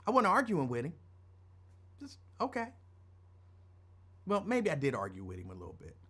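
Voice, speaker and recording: A man's voice: on the high side, huge pitch swings, normal speed, bright, forceful tone, husky. A middle-aged man hosting a show, telling a personal story in a casual, rambling way that drifts off topic. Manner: rambling, digressive, conversational. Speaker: radio show host.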